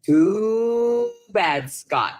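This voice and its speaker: Someone voicing a gravelly, cartoonish station-break announcer that does an impression, in a prerecorded drop. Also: mid-range voice, wildly swooping pitch, extremely slow, faint music behind, exaggerated voice. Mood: mocking.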